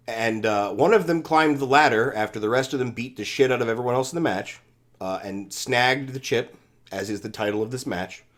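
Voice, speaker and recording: Lively, storytelling podcast co-host, man. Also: lowish voice. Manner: animated storyteller, trailing fillers, casual swearing. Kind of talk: casual chat.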